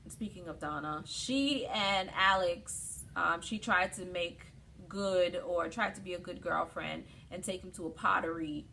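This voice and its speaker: A woman co-hosting a casual chat, telling stories in an animated, opinionated way. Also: on the low side, unhurried, vocal fry, few pauses, a little hiss or hum. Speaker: podcast co-host.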